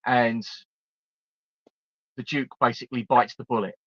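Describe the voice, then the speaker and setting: A man's voice: mid-range voice, fairly even intonation, measured pace, fairly bright tone, no echo. A man hosting a live stream, chatting casually, laughing and swearing as he mimics film lines. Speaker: host. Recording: dull lo-fi stream audio.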